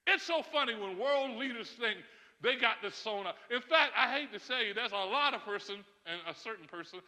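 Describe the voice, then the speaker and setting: A man preaching a sermon as pastor, emphatic and often laughing, building to loud, rising calls. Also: very high voice, expressive, moderate pace. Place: church sanctuary. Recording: church sanctuary with long reverb.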